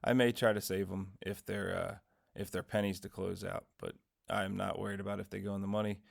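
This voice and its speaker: A man's voice: sits low, flat delivery, a little fast, creaky. A man hosting his investing channel, giving a casual, rambling weekly recap of his trades and dividends in his morning voice, correcting himself as he goes. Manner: rambling, self-correcting, tells dad jokes.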